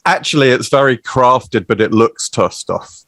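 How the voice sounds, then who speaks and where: A man's voice: mid-range voice, unhurried, a bit bright, no echo. Wry British man, dry close sound. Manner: playful and wry. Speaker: podcast guest, children's author. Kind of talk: casual podcast chat.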